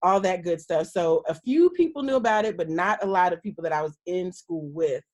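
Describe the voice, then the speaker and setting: A woman's voice: lowish voice, expressive, a little fast. A woman guest, a minister, telling a personal story in an interview in a candid, earnest way, acting out the lines of the people in it.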